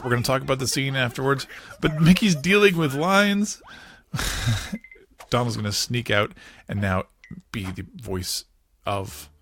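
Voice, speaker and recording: A man hosting a podcast, retelling a cartoon scene by scene in a casual, animated way with frequent chuckles. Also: lowish voice. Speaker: podcast host.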